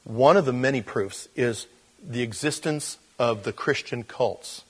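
A man preaching a sermon as pastor, in a conversational way with fillers and restarts, moving between quiet intensity and animated emphasis. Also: medium pitch, unhurried, slightly rough.

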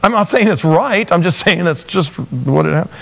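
A man preaching a sermon, telling Bible stories with animated voices for the characters. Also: sits high, normal speed, vocal fry, big-room sound. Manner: animated storytelling, acting out biblical figures in voices. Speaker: pastor.

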